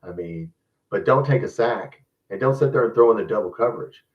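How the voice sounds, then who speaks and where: A fan channel host rants bluntly and rambles about football on a live stream, often addressing his viewers as guys. His lowish voice is animated and fairly quick, recorded far from the mic with dull audio.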